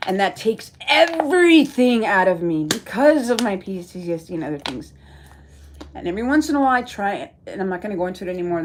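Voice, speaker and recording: A woman's voice: fairly low pitch, slight background noise. A woman from Texas talking to viewers on a livestream, rambling and emotional, reading and answering the chat as she goes. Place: at home.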